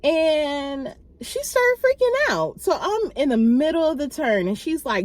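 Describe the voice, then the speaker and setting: A woman vlogger telling a personal story to camera in a casual, animated way, acting out quoted exchanges. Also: moderate pace, hardly any pauses, no room sound. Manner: animated, acts out quoted exchanges with big pitch jumps; many fillers and restarts, talks to viewers directly.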